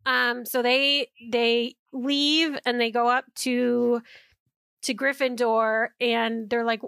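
Bright high-voiced chatty woman. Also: flat delivery, slow, gravelly, clear, resonant tone, dry recording, clean studio sound. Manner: chatty, retells scenes, many "like" fillers. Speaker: podcast co-host. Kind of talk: casual chat.

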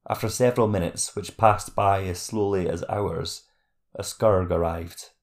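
A man narrating a fantasy audiobook chapter in a steady, measured reading voice. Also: low-pitched.

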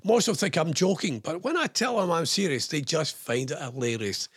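A man's voice: on the high side, animated, normal speed, few pauses, fairly bright tone, slightly rough, no room sound, studio quality. A man with a Scottish accent hosting a radio show, reading quirky news stories and adding wry joking asides in a chatty way.

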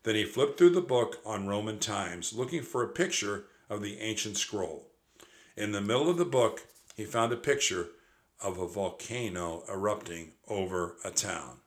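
A man narrating a children's audiobook with a steady, expressive read-aloud delivery. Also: lowish voice, normal speed.

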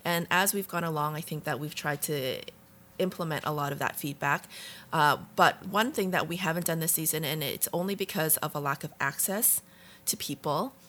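A woman's voice: deep voice, normal speed, a bit bright. A woman co-hosting a podcast, talking in a reflective, frank way and now and then swearing. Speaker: podcast co-host. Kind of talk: casual conversation.

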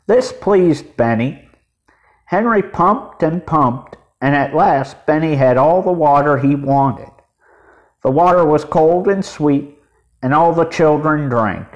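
A man reading a children's storybook aloud as narrator, in a measured way. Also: on the high side, expressive, lo-fi sound. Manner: measured, deliberate.

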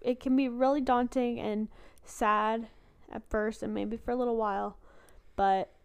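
Slow-talking young woman with a gravelly voice. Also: a little high, fairly even intonation. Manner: easygoing, laughs often. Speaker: podcast co-host. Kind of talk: casual chat.

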